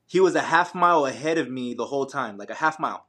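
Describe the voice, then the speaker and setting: A young man, relaxed as a podcast guest and an ultramarathon runner, recounts a long race through casual storytelling. He talks fast and animatedly at an ordinary middle pitch, in slangy speech packed with "like," "man" and frequent restarts.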